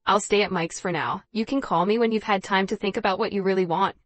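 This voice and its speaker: A woman voicing a calm, firm fed-up husband. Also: mid-range voice, quick pace, lightly acted. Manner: quiet, steady and firm.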